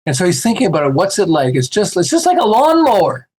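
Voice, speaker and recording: A man guesting on a podcast, telling stories in a casual, animated way and acting out the voices of the people he quotes. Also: high voice, fast, slightly rough. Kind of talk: casual storytelling chat.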